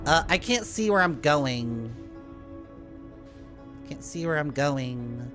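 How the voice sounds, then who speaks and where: A woman's voice: low-pitched, lively intonation, takes it slowly, a bit bright. A woman commenting while playing a game, muttering in a puzzled way. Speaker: game player. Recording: faint music behind.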